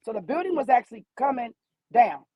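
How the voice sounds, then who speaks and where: A woman's voice: fairly high pitch, fairly quick, slightly rough, no room sound, rough recording. A middle-aged woman calling in from her car, telling a personal story with feeling and acting out the voices in her dialogue. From American Midwest. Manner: animated storyteller who acts out dialogue. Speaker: guest caller, mother. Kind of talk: emotional personal account by phone from her car.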